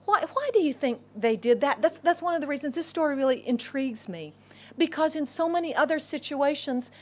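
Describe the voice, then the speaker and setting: A middle-aged woman pastor preaching a sermon, telling a story with animated voices and dropping to a whisper for inner thoughts. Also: high-pitched.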